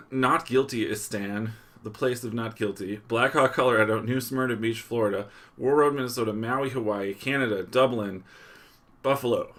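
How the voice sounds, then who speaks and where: Male live stream host, relaxed and chatty, reads viewer shout-outs, mid-pitched. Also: normal speed. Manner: casual, reading viewer locations aloud; chuckles often, loose restarts. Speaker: livestream host.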